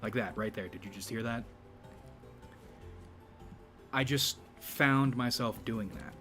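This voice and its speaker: A man hosting a YouTube channel in a rambling, casual monologue, speaking in a deliberately low register with a slight vibrato. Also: over music. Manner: rambling, with frequent restarts and profanity.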